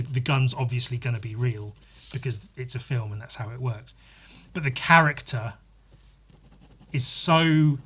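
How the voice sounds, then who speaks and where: A husky-voiced young man riffing on a film for his podcast. His talk is loose and animated, with plenty of swearing and quick put-on quotes of the characters. He sits at a medium pitch with a slightly breathy edge. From United Kingdom. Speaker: podcast host. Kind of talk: casual film-analysis monologue.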